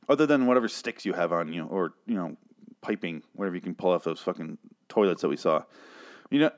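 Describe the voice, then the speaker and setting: A man ranting sarcastically and with lots of swearing while reviewing a TV episode in casual talk. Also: mid-range voice. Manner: profane, exasperated, sarcastic.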